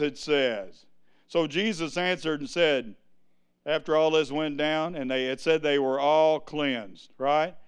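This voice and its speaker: A man preaching a sermon in a church, swinging from quiet asides to loud, lifted preaching. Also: fairly high pitch, slow, pauses often, smooth.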